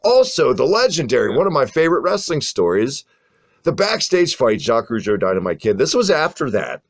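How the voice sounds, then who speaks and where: On a podcast he co-hosts, a man reviews an old wrestling event in casual, animated chat, swearing freely and reeling off long lists of names. His medium-pitched voice swings widely in pitch, his pace is brisk, and there's no echo.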